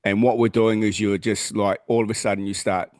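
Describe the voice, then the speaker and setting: A man's voice: lowish voice, level tone, brisk, a little mellow, dry recording, studio quality. An Australian man co-hosting a podcast, talking in a blunt, earnest way and swearing freely. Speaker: podcast co-host. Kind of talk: casual chat.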